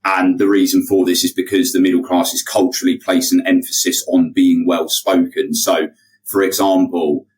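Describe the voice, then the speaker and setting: A young man from England speaks as a podcast guest in a deep, low voice. He talks bluntly and emphatically, stumbling over repeated words as he goes. He sits a little back from the microphone, so the sound sits slightly distant. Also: little pitch movement, normal speed, darkish tone. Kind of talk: casual conversation.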